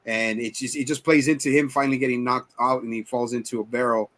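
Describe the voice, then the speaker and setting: A man's voice: medium pitch, fairly even intonation, fast, a bit bright. A man in his forties co-hosting a casual movie review chat, rambling and swearing as he retells scenes. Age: 40s. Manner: rambling, profane, retells scenes in quoted voices. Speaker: podcast co-host.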